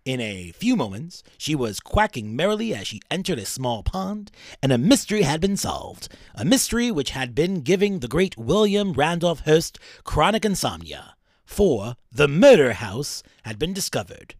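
A smooth, old-fashioned radio countdown host, as a man puts him on reads with dramatic announcer flair. The pitch swings widely through each phrase. The sound is close and dry. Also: big pitch swings, normal speed, no room sound. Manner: announcer-style dramatic reading. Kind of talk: dramatic reading of a quote.

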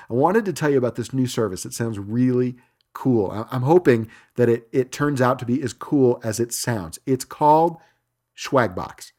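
A middle-aged man hosting a cycling podcast from his home studio, reading news items in a relaxed way with frequent filler words. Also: mid-range voice. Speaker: podcast host. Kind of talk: solo podcast news segment.

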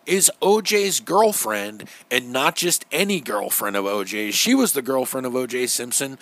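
A man's voice: medium pitch, animated, moderate pace, a bit bright. A man co-hosting a podcast, chatting casually and sarcastically while reviewing a movie from his notes, swearing freely. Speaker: podcast co-host.

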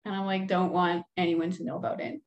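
A woman's voice: on the low side, little pitch movement, a little fast, lo-fi sound. A young woman chatting casually and candidly, cursing often and poking fun at herself. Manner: candid, swears freely, self-deprecating. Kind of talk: casual chat.

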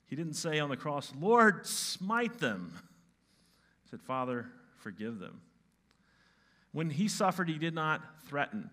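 A male pastor giving a sermon, moving from hushed, soft lines to loud, emphatic ones. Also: fairly high pitch.

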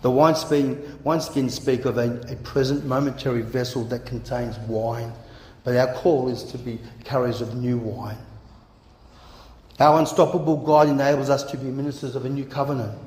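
A pastor preaching a sermon in a lively, conversational way, often repeating words as he goes. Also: mid-range voice. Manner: animated, conversational, repeats words and acts out quotes. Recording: echoey hall with long reverb.

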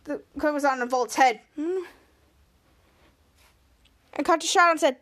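A woman hosting a podcast recaps a TV episode scene by scene, acting out the characters' lines in a raised voice. Her voice is high-pitched and fairly bright, and she speaks at a measured pace with long pauses.

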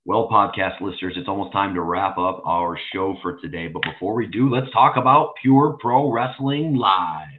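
A man's voice: deep voice, moderate pace, few pauses. A man hosting a podcast, joking loosely and then reading event dates like an announcer. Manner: loud, joking, shifts into an announcer read. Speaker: podcast host and promoter. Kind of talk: casual podcast chat. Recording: tinny phone-like line.

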